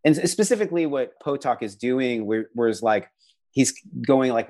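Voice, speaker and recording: A man's voice: medium pitch, expressive, moderate pace, a little mellow. A man, a visual artist being interviewed, talking about his work and faith in an earnest, reflective way, with many fillers and restarts. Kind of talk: conversational interview answers.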